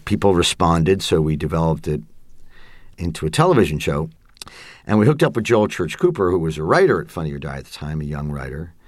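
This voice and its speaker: Man putting on a generic 1970s sportscaster voice, booming, very low, lively swings in pitch, dry sound. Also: brisk, dry recording, exaggerated voice. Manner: smooth, booming broadcaster delivery. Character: generic 1970s male baseball announcer. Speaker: guest. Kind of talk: interview answers in a put-on voice.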